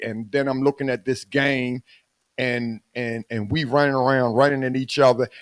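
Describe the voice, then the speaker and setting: An older man with a Baltimore accent co-hosting a podcast, talking in an animated, preachy way with some teasing. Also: mid-range voice, dry recording. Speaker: podcast co-host. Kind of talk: casual chat.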